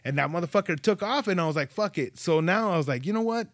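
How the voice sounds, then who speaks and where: A male podcast host, spinning profane, animated stories in casual chat. His voice sits a little high for a man, and the sound is close and dry, with no room around it. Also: fast, no echo. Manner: profane, animated storyteller acting out dialogue.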